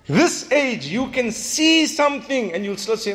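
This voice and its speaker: A high-voiced man talks as an imam on a religious radio programme. He speaks earnestly and reflectively, often asking his listeners questions. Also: lively intonation, fairly quick, fairly bright tone. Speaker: imam giving a radio talk.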